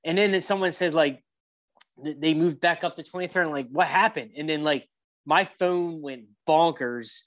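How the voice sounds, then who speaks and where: A man co-hosting a casual sports chat, talking in animated bursts with plenty of fillers. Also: fairly high pitch. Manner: animated, quick bursts of excitement, many fillers. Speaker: podcast co-host.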